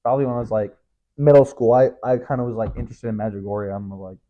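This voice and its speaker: A man's voice: mid-range voice, fast, highs cut off. A young man hosting his own podcast alone, talking in a rambling, joking, self-mocking way. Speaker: podcast host. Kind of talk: casual solo monologue.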